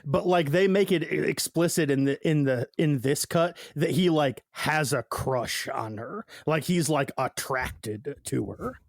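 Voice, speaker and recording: A man with a fairly high voice, co-hosting a casual podcast and playfully retelling film scenes. The sound is close and dry. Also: unhurried, vocal fry, few pauses, no echo. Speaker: podcast co-host.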